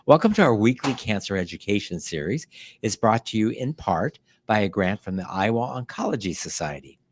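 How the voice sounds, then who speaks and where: Older man hosting an interview, lively. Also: on the low side, a little fast, slight background noise. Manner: friendly, asks short questions. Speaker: host, medical director. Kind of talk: casual interview.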